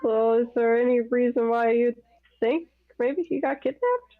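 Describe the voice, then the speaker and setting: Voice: medium pitch, unhurried, no echo, phone-quality sound. Player asking probing questions, dry sound. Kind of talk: casual tabletop game play.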